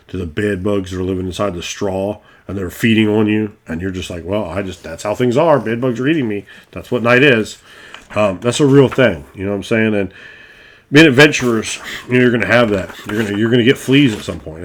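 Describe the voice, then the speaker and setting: A man's voice: on the low side, fairly bright tone. A middle-aged man and game master talking casually in a rambling way, restarting often and swearing freely. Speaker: game master and video host.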